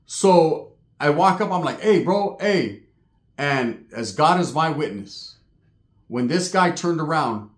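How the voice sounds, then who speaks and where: A man telling a true paranormal story in a casual, streetwise way, swearing freely and getting animated. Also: a little high. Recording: echoey room.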